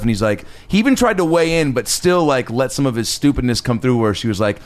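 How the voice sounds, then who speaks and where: A man hosts a podcast in loose, casual chat. He talks very fast, rambling through stories and restarting sentences as he goes. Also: medium pitch, expressive. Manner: rapid, rambling storytelling with restarts. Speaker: podcast host.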